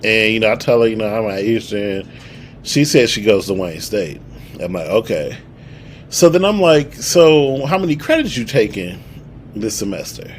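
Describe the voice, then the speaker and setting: A man's voice: on the low side, moderate pace, a little hiss or hum. A young man, casually telling a story on a podcast and acting out the quotes. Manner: animated storyteller, acts out quotes. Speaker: podcast co-host.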